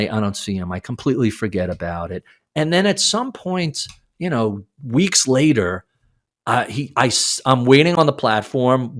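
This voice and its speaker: A man in his sixties, a podcast guest, telling a story in a casual interview, animated and casually profane. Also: medium pitch. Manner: animated, acts out quoted lines, swears casually.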